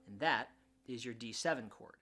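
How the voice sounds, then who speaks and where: A man's voice: medium pitch, normal speed. Brief: man, ukulele teacher, easygoing talk with restarts, ukulele playing behind him. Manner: relaxed, hesitant with restarts, counts beats aloud. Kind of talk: casual instructional talk. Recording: ukulele music under voice.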